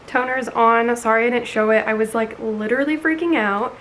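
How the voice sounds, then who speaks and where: Nervous young woman vlogging, high voice. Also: normal speed, a little hiss or hum. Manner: anxious, rambling, lots of "like". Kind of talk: casual vlog talk.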